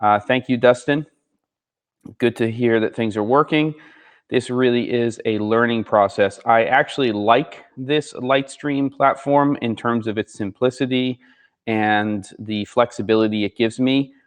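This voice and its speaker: A man's voice: medium pitch, steady tone, measured pace, clear, resonant tone. A man hosting a live gear show, chatting casually with viewers and reading out their comments, in a slightly sleepy morning voice. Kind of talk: casual live-stream chat. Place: second floor of a barn studio.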